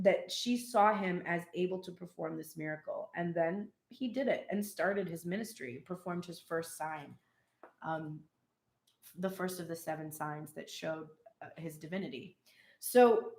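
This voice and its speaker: A woman giving a casual live tarot reading, chatty and animated, with frequent laughs and cheeky asides. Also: mid-range voice, gravelly, reverberant. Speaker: tarot reader.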